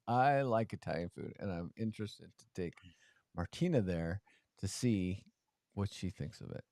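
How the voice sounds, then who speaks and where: A man co-hosting a podcast in casual chat, playful and quick to laugh. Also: vocal fry, dry recording, studio quality. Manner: playful, laughs often, lively swings in pitch. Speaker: podcast co-host.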